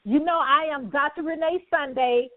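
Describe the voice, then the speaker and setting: Woman host, high and effusive, motivational patter; dry, phone-like audio. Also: normal speed, no echo. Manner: effusive, repetitive, laughs often. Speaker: talk show host. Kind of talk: enthusiastic broadcast talk.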